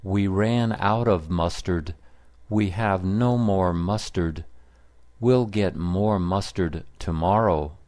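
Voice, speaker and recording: A man's voice: low-pitched, takes it slowly, darkish tone, dry recording. A man voicing a curt, dismissive male prison cook.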